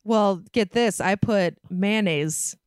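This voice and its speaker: A woman on a podcast as a guest, talking casually and laughing often, quick to make fun of herself. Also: mid-range voice, smooth, no echo, clean studio sound. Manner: giggly and self-deprecating.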